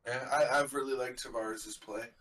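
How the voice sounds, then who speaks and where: A man hosting a casual live hockey reaction stream, chatty and quick with asides, explaining the lingo. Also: mid-range voice, fairly even intonation, fairly bright tone. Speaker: stream host.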